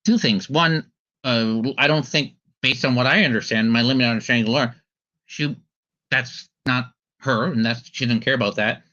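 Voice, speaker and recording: A man's voice: mid-range voice, normal speed, sharp tone. A man hosting a casual podcast commentary chat, rambling with many ums and restarts. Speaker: podcast host. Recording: slightly dull lo-fi audio.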